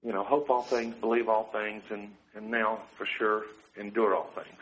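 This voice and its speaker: A man sharing a heartfelt personal testimony in a church setting, speaking earnestly and softly. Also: lowish voice, little pitch movement, moderate pace, low-quality recording. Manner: earnest, heartfelt, soft-spoken.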